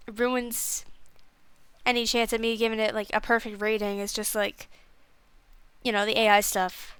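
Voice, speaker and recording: Young female streamer, casual rambling review, clear voice, dry close mic. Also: a little high, sharp tone, dry recording. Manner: rambling, self-deprecating, lots of fillers. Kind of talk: casual game review chat.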